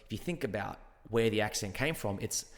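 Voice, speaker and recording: A man's voice: on the low side, fairly quick, long reverb tail. A man with an Australian accent, an actor chatting casually as a guest and acting out little exchanges as he tells stories. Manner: animated storyteller, acts out exchanges. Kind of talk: casual interview chat.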